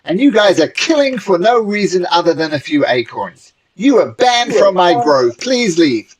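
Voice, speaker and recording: A game master voicing an indignant little gnome who guards a forest grove, scolding the players in a high, shrill voice. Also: very animated, moderate pace, breathy edge.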